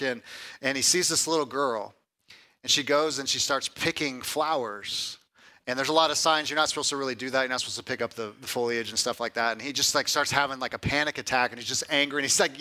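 Bright-voiced man preaching a sermon. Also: medium pitch. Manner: conversational preaching, often adds "right?"; builds to loud emphatic lists. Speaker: pastor.

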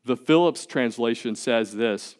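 A man's voice: mid-range voice, measured pace, darkish tone. A pastor giving a sermon in a conversational, emphatic way, often repeating words as he goes.

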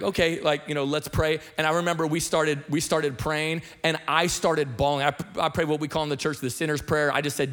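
A middle-aged male pastor tells his conversion story from the pulpit in a fairly high voice. His delivery is quick and informal, with frequent repeated words and restarts. He sounds like he is telling the story to friends. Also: fairly bright tone. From Washington state, USA. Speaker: senior pastor. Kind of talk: sermon testimony.

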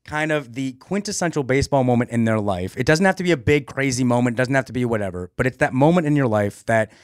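A man hosting a baseball podcast, talking eagerly in quick bursts with restarts. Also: medium pitch, animated, clean tone, no room sound, studio quality. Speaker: podcast host. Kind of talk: casual podcast chat. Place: podcast studio.

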